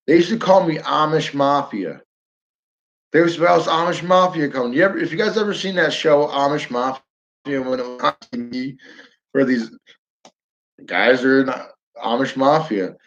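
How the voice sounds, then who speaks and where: A man's voice: medium pitch, expressive, moderate pace. A man from Northern New York chatting casually to his viewers, rambling and chuckling as he tells a story. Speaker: live stream host. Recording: dull lo-fi audio.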